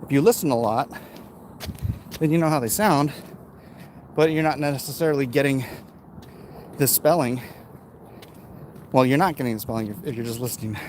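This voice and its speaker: A man's voice: medium pitch, moderate pace, pauses often, a little mellow. A man hosting a casual livestream while walking outdoors, reading viewer comments aloud and chatting back, winded from the uphill climb. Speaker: livestream host. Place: outdoors on a city street. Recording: outdoor street noise behind.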